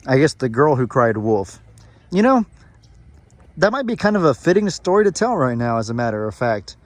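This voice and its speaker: A man's voice: medium pitch, very animated, moderate pace, no room sound. A man who is a farmer vlogger, telling a story in a chatty, folksy way with frequent self-corrections. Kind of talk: casual storytelling vlog.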